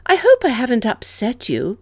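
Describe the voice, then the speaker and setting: A woman voicing a lively, teasing young woman in an audiobook, speaking brightly and playfully. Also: on the high side, normal speed, no room sound, voice pushed up.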